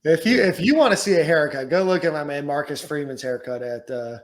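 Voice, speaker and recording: A man's voice: fairly high pitch, brisk. A man co-hosting a sports podcast in casual chat, making brief, wry remarks. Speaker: podcast co-host.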